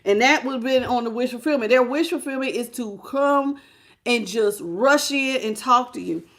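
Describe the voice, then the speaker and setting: Woman, slightly high voice, casual, chatty tarot reading, talks to the viewer. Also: normal speed, a bit bright. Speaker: tarot reader. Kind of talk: live tarot reading with chat greetings.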